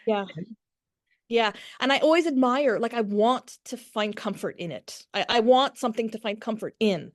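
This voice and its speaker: A woman in her forties, a podcast guest talking candidly in conversation, frank and quick to laugh, with frequent restarts. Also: on the high side, expressive.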